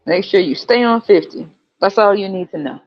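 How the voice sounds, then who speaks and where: A man with an American country accent hosting a casual livestream chat, animated and profane, laughing often and jumping into high squeals. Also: moderate pace. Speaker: podcast host. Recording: dull lo-fi audio with faint music.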